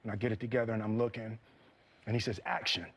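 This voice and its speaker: Animated male storyteller in his fifties. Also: fairly low pitch, racing, slightly rough. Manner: animated, acts out quotes, laughs. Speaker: actor and reunion guest. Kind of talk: casual storytelling.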